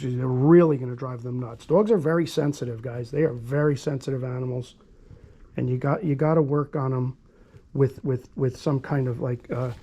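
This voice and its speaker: A man with a slightly high voice demonstrates dog grooming for viewers, earnest and repeating himself. Now and then he murmurs soft, soothing things to the dog.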